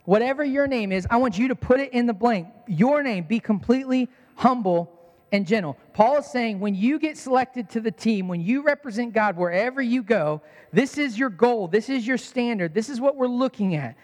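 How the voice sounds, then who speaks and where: Pastor type, male, high voice, earnest repetitive preaching, echoing church hall. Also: lively intonation, moderate pace, a little mellow. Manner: earnest preaching with repeated phrases. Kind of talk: sermon.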